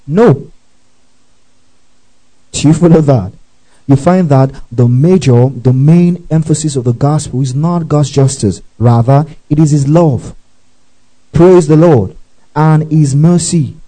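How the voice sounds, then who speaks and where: This man's teaching sermon mixes scripture readings and asides with frequent checks that listeners are following and sudden exclamations of praise. His voice is on the high side with a dark tone at normal speed, and the recording quality is low.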